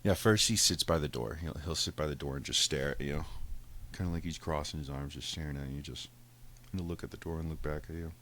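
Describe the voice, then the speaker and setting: A podcast host telling a casual, profane story, animated and laughing often. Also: male voice, a bass voice, a little fast, a little hiss or hum.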